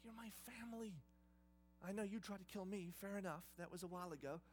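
A man preaching who voices a powerful ruler speaking calmly and casually to his brothers. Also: slight background noise, close to an everyday voice. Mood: forgiving. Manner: offhand, casual, low and measured. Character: powerful ruler man, calm and dryly teasing.

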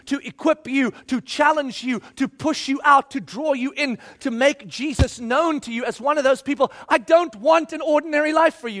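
A man's voice: very high voice, a bit bright. A middle-aged male pastor preaching a sermon, emphatic and repeating himself as he acts out quotes.

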